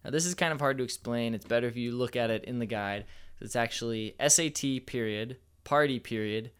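A man's voice: medium pitch, brisk, a bit bright, clean tone. A man giving casual, playful dating advice as a coach, with a slightly cocky manner.

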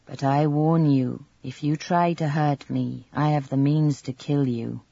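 A man voicing a firm woman who warns a captive slowly and deliberately. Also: fairly high pitch, fairly even intonation, gravelly, mellow, dry recording, muffled recording. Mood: warning.

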